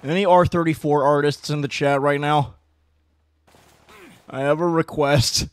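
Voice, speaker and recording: A male game streamer chatting casually to his viewers, rambling and joking, often stumbling into restarts mid-sentence. His voice sits a little high for a man, and it is recorded close and dry. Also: fairly even intonation, a little slow, no room sound.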